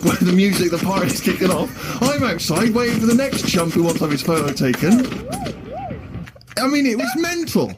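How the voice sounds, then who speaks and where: A man with an animated delivery, telling a comic story on a podcast and acting out the quotes. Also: sits high. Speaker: co-host. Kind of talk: anecdote in a comedy podcast. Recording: background noise.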